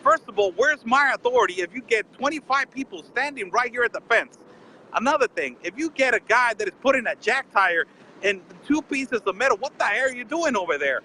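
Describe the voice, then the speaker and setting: A man with a notably high, bright voice speaks in an indignant tone in a casual live-stream chat. He fires rhetorical questions and keeps calling the host by name. A faint hiss of noise sits under him. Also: expressive, a little fast, poor audio. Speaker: border correspondent calling in.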